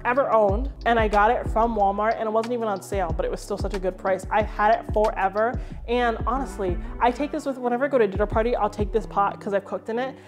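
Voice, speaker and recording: A young woman in her home kitchen, chatting casually and playfully through a product review with jokey asides. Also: medium pitch. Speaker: home and lifestyle creator.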